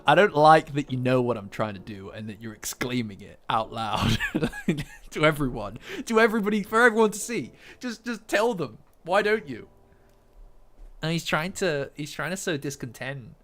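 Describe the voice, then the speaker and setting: A man's voice: mid-range voice, fairly bright tone. A man hosting a live stream, chatting casually and teasing his viewers. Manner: playful, bantering with chat.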